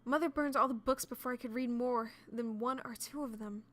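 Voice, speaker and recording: A woman's voice: a little high, steady tone, a little fast, fairly bright tone, close to an everyday voice. A woman voicing a proud young princess who speaks curtly and demands in a game playthrough. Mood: haughty.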